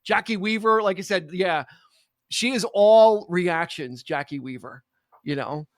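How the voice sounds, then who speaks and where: A man hosts a casual podcast chat with a notably high voice. His delivery is laid-back and chuckling, and the sound is close and dry. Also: unhurried, dry recording. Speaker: podcast host.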